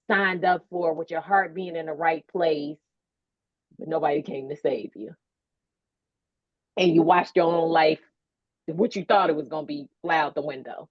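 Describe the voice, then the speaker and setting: A woman's voice: mid-range voice, no room sound, muffled recording. A woman moderating a webinar conversation, telling her story candidly and emotionally, with colloquial asides. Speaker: panel moderator.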